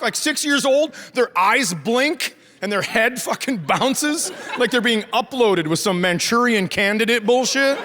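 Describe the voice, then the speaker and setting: A man's voice: very high voice, pushed and bright. A middle-aged man from the Midwest doing a sardonic, profane stand-up set, acting out the people in his stories. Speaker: stand-up comedian. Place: theater stage before a live audience. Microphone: stage microphone. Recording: live crowd laughing throughout. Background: audience laughter.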